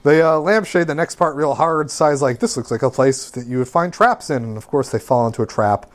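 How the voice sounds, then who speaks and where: A man's voice: on the high side, fairly quick. A man casually recapping an anime episode on a podcast, rambling with lots of fillers. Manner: rambling, filler-heavy summarizing.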